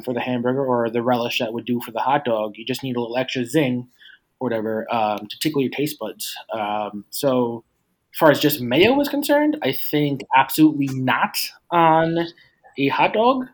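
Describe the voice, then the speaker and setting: A man talking through a casual food debate, rambling and restarting his sentences often. His voice sits at a middling pitch. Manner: rambling, many fillers and restarts. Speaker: debater defending hot dogs.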